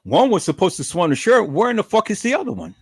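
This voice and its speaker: A man's voice: high voice, big pitch swings, fast, husky, no room sound, clean studio sound. A middle-aged man ranting angrily on a livestream, swearing freely, stumbling over repeated words and calling out to his viewers. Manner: profane, indignant, calls the audience "peoples"; repeats words when worked up, swings to loud outbursts. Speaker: livestream commentator. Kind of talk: angry ranting livestream commentary.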